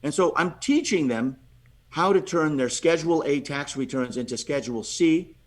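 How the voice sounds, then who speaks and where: Man, podcast guest, husky voice, slightly high pitch, animated storytelling, acts out quotes. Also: normal speed. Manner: lively, acts out quotes, repeats words.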